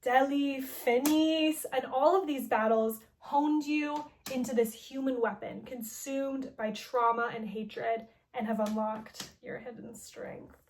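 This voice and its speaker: A gleeful, taunting villain who treats cruelty as art , retold by a woman in her own casual voice. The delivery is loose and chatty, peppered with "like", and sits high in pitch. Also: steady tone, takes it slowly, hardly any pauses, darkish tone, a little hiss or hum. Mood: mocking. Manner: casual paraphrase full of "like". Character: taunting male mad-scientist villain.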